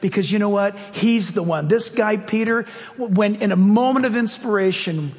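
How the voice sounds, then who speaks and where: Man, pastor, sermon, high voice, animated storytelling, long hall echo. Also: normal speed. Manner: animated, storytelling with sudden pitch swings.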